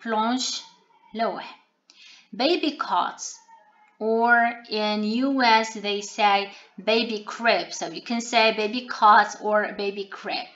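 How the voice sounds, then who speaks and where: A woman teaching vocabulary, repeating each word slowly three times and explaining pronunciation plainly. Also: medium pitch, fairly even intonation, fairly bright tone, highs cut off. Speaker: language teacher. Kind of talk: vocabulary lesson, repeating words.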